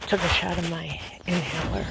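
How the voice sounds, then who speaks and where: Breathless woman with a gravelly voice, trail vlog. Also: fairly low pitch, fairly even intonation, normal speed. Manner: chatty, amazed, many fillers. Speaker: vlogger. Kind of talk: casual walking vlog. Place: outdoor nature trail by a swamp. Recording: noisy outdoor handheld recording.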